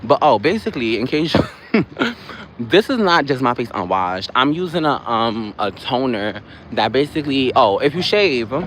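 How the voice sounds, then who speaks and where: Animated man livestreaming on a noisy street. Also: medium pitch. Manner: rambling, animated, chatty, quick asides. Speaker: livestream host. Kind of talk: casual live-stream chat while walking. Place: outdoors on a busy city street. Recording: noisy street with passing traffic.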